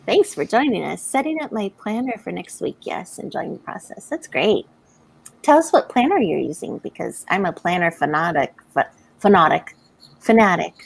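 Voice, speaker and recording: Lively husky-voiced American woman host. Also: mid-range voice, normal speed, poor audio. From United States. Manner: bubbly, laughs often, reads chat comments aloud. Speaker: livestream host. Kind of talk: casual live-stream chat.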